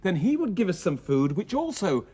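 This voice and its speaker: A man's voice: sits high, sing-song, moderate pace, dark tone, breathy edge. A man presenting a children's TV show, bantering playfully with puppets, giggling and mock-exasperated.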